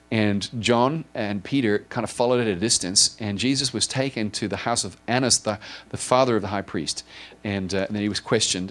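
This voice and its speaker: Guy preaching, kinda low voice, keeps stumbling and repeating "and", earnest. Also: fairly bright tone. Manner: halting, many repeated ands and restarts; earnest and emotional. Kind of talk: informal sermon retelling a story.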